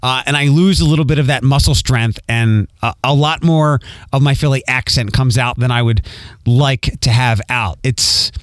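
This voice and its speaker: Speaking at a moderate pace in a medium-pitched voice, this podcast host from Philadelphia, who has a light Philadelphia accent, wanders through a casual monologue, repeating himself and saying um often. There's no echo.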